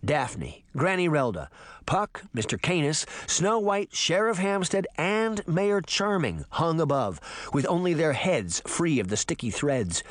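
A man narrating a fantasy audiobook in a dramatic, expressive reading style. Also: a little high, a little slow, dry recording. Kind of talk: scripted narration.

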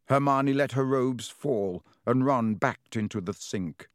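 A man reading a children's fantasy novel aloud as its narrator, in a lively, varied way. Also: medium pitch, unhurried, no room sound, studio quality. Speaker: audiobook narrator. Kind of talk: scripted narration.

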